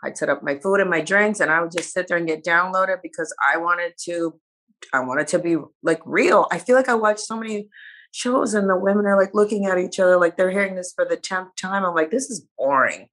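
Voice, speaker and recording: A woman's voice: fairly low pitch, brisk, a bit bright. A woman guest speaking candidly in a casual interview, sometimes losing her words. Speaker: reality show cast member guest.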